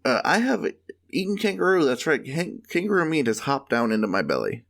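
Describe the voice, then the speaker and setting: A man co-hosting a comedy podcast, spinning silly jokes and playful exaggerations. His fairly high voice swings widely and lively in pitch. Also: a little fast, gravelly. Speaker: podcast co-host. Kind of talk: casual comedic chat.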